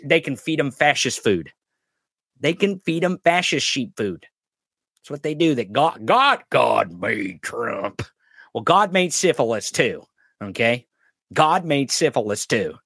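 A man's voice: fairly high pitch, fairly bright tone, no echo, clean studio sound. Ranting, profane male podcast host. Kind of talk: political commentary podcast.

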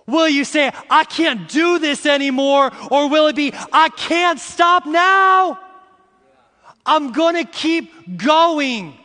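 A man's voice: extremely high pitch, animated. Fervent preaching man in a reverberant hall. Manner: preaching with rising shouts and slow emphatic repetitions; uses "y'all" and "see" to address the congregation. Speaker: pastor. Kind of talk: sermon.

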